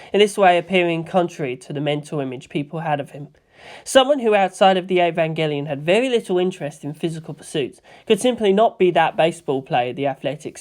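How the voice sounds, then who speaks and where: Woman reading a story aloud, lowish voice. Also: a little mellow. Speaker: fanfic reader.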